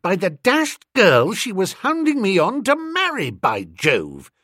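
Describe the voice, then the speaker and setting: A man's voice: sits high, wildly swooping pitch, measured pace, fairly bright tone, dry recording, studio quality, voice pushed up, heavily acted. Bertie, a man doing a chirpy young toff. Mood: excited. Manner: eager, chirpy, exclamatory. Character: excitable young upper-class gentleman, cheerful.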